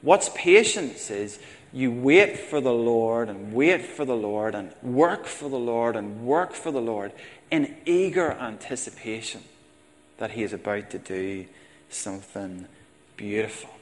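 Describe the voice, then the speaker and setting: A man's voice: medium pitch, lively intonation, unhurried, big-room sound. A man preaching a sermon, talking plainly and calling his listeners folks. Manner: conversational, addresses congregation as folks. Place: church.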